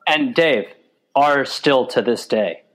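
A man co-hosting a comedy podcast, tossing in quick jokes, silly voices and short reactions. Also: medium pitch, background noise. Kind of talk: casual comedic banter.

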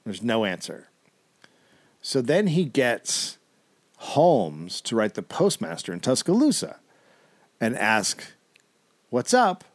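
A man's voice: mid-range voice, sing-song, slow, pauses often. A man co-hosting a comedy podcast, telling a history story casually with wry asides and the odd swear.

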